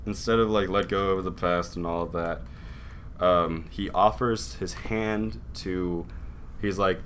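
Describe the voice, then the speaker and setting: Low-voiced young man telling a story. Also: steady tone, fairly bright tone, a little hiss or hum. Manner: rambling, acts out lines in quick put-on voices. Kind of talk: casual group chat retelling a story.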